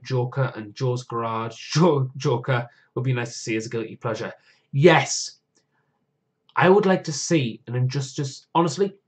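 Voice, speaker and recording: A man hosting a live stream, talking casually in a rambling, digressive way, often losing his thread and correcting himself while eagerly listing wishes. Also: medium pitch. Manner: enthusiastic, lively wish-list talk.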